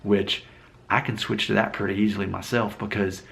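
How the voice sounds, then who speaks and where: A man from Alabama chats to camera in a loose, rambling way and pokes fun at himself. His voice is low and gravelly with plenty of fry. He thinks out loud as he goes. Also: little pitch movement, normal speed. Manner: rambling, thinks aloud, self-deprecating. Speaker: vlogger. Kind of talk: casual talking-head commentary.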